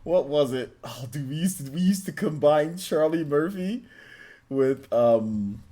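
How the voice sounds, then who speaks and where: Thirties guy hosting a gaming stream, kinda high voice, laughs a ton, super casual. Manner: animated, laughs often, drawn-out filler words. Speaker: gaming show host.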